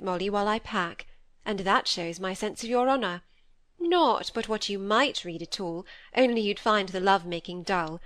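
A woman reading aloud, voicing a lively, charming young woman with a breezy, coaxing manner in a storybook. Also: mid-range voice, dry recording, natural voice.

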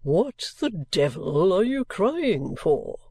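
A woman doing a gruff, blunt old gentleman. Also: lowish voice, very animated, no echo, exaggerated voice. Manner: slow, blunt, grumbling. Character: gruff odd older gentleman in a coach.

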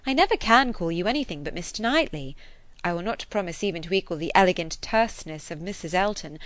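A woman's voice: on the low side, fast talker, no echo, lightly acted. A woman voicing a playful, witty young woman who teases lightly, in an audiobook reading. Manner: teasing, lively.

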